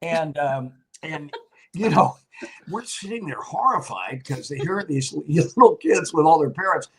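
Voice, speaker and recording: A man's voice: fairly high pitch, animated, a little slow, background noise. An older man, a retired TV weatherman, telling long rambling anecdotes in casual chat and laughing often. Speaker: guest, retired TV meteorologist.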